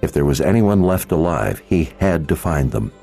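A man narrating an audiobook in a measured, dramatic reading voice. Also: a bass voice, very animated, mellow, faint music behind. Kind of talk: scripted narration.

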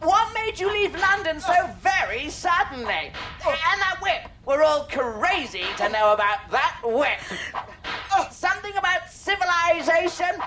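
An actress playing a pushy, excited radio reporter pressing for a few words, sometimes shouting. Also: female voice, sits high, noisy background.

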